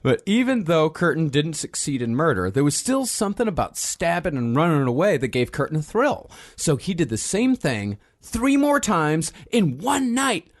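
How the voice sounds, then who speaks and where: A man's voice: a little high, big pitch swings, moderate pace, hardly any pauses. A man hosting and narrating a comedic true-crime podcast, recounting case facts steadily with wry asides. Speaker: host and narrator.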